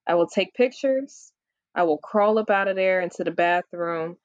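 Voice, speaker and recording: A woman guest chatting casually in a playful, dramatic way. Her voice sits fairly low. The recording is dry and muffled, with a lo-fi sound. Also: moderate pace, no room sound. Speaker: guest, card game creator. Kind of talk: casual chat.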